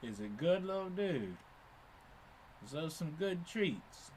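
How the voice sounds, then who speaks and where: Slow, playful man teasing his cat. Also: fairly high pitch, big pitch swings, a little mellow, slight background noise. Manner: playful, teasing, laughs often. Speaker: pet owner filming his cat. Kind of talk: casual talk to a pet.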